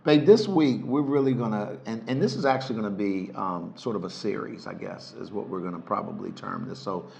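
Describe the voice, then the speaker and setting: A man's voice: lowish voice, a little fast, creaky, hardly any pauses, darkish tone, dull audio. A middle-aged man, a relationship coach, co-hosting a casual couple's talk show with a playful, teasing manner. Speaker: relationship coach and podcast co-host.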